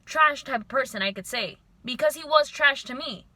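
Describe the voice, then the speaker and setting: A young woman vlogger telling a storytime to camera, venting in an animated, frustrated way. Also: high voice, moderate pace, dry recording.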